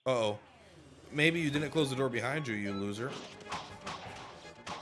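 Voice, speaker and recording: A man's voice: mid-range voice, normal speed, over music. A tired man streaming a game, chatting casually and jokingly as he plays and yawns. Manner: rambling, jokey, reads game lines aloud. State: tired, yawning. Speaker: gaming streamer. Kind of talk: casual let's-play commentary.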